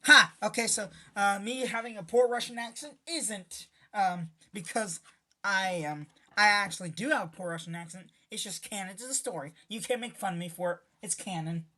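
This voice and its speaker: A woman's voice: mid-range voice, normal speed, a bit bright. A woman casually narrating her playthrough of a visual novel, with chatty asides and self-corrections. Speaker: let's-play narrator. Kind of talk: casual gameplay commentary.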